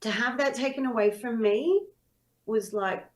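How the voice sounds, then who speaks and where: A woman's voice: a little high, unhurried, low-quality recording. A woman who is a singer and singing teacher, telling her story in a casual interview and acting out her own past thoughts.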